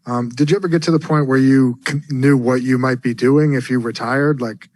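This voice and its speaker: A man's voice: mid-range voice, fairly even intonation, moderate pace, darkish tone, dry recording. A male sports reporter asking a rambling, self-correcting question.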